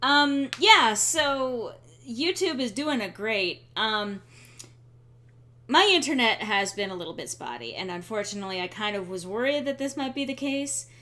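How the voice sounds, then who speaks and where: A woman's voice: on the high side, sing-song, moderate pace, sharp tone. A young woman streaming a game, chatting casually with sarcastic asides and frequent ums. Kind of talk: casual let's-play chat.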